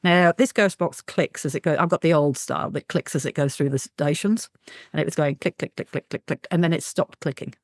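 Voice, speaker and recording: A woman paranormal investigator, telling lively anecdotes as a guest, acting out quotes and laughing often. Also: deep voice, brisk, dry recording. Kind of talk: animated storytelling in an interview.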